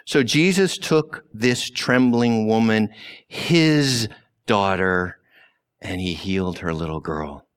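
Slow, deliberate male preacher. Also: fairly low pitch, smooth. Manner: slow and deliberate, with long pauses and sudden drops to a hush. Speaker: pastor. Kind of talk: sermon.

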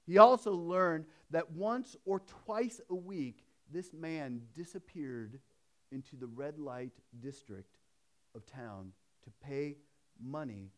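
A man preaching a sermon in a conversational way, swinging between emphatic raised passages and hushed storytelling. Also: fairly high pitch, takes it slowly. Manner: conversational, with restarts and asides. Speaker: pastor.

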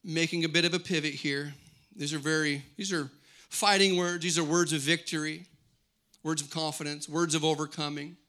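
A man's voice: a little high, steady tone, moderate pace, pushed and bright. A middle-aged man preaching a sermon, declaring scripture lines with rising intensity and then teaching in a conversational way. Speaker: pastor.

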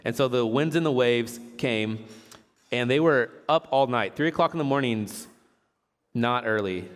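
Dude preaching in a big echoey hall, laid-back and jokey, medium pitch. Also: male voice, measured pace. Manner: relaxed, chatty, jokes and laughs while teaching. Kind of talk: casual sermon with scripture reading. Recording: long hall reverb.

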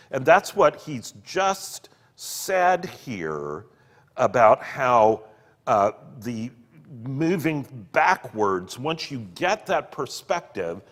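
A man reads passages aloud and then explains them, earnest and expressive. His delivery is slow and unhurried, and his pitch rises and falls a great deal. A long reverb trails behind his voice. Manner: earnest, expressive, slips into fillers when explaining. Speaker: podcast co-host discussing a book. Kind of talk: reading passages aloud with commentary.

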